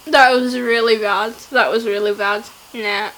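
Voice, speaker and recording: A woman's voice: fairly high pitch, fairly even intonation, unhurried, fairly bright tone, rough recording. A young woman vlogging in a casual, playful and giggly way, often laughing at herself. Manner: giggly, playful, self-mocking. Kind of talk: casual challenge vlog.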